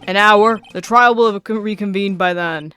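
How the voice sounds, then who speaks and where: A woman reads an earnest young male lawyer with a wry, nervous streak. Her voice sits mid-pitched, with faint game music behind. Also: moderate pace, sharp tone, close to an everyday voice.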